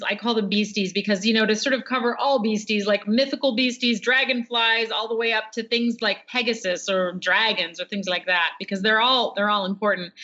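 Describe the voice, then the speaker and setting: Middle-aged woman guest, chatty and filler-heavy, bright tone on muffled radio audio. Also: a little high. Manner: chatty, lots of fillers, laughs often. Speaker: guest author. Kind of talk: casual radio interview.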